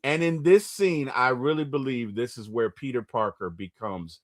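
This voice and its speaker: A man hosting a casual movie recap chat, retelling scenes with lively bursts and quick impressions. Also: mid-range voice. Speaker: movie review podcast host.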